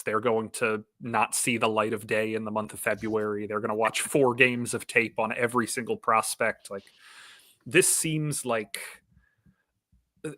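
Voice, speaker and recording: A man who is a sports reporter, talking casually with wry, deadpan humor. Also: fairly low pitch, dry recording.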